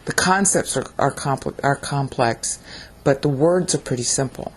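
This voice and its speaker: Husky low-voiced woman teaching scripture. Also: a little slow. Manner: conversational, repeats "okay?" to check in. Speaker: Bible teacher. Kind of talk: casual video teaching.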